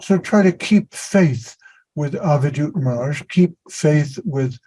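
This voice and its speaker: A man's voice: fairly high pitch, a little slow, mellow, low-quality recording. A man telling a meandering, self-deprecating story on a video call as a spiritual teacher. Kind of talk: anecdotal storytelling.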